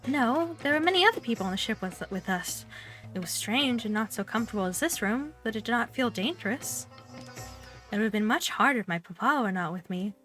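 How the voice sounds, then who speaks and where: A woman voicing a polite young girl at boarding school who speaks in a proper, thoughtful, gentle way. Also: on the high side, expressive, a little fast, soft background music. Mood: earnest.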